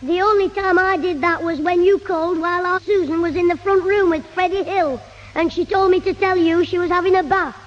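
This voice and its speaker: Radio sitcom: man doing a small cheeky schoolboy, piping very high voice, dull old broadcast. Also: steady tone, fairly quick. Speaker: comedy lead. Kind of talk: 1960s radio sitcom acting.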